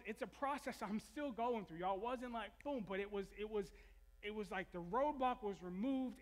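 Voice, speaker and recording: A man's voice: high voice, in a large hall. A male pastor preaching a sermon, telling a personal story in a confessional way with many restarts. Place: church hall.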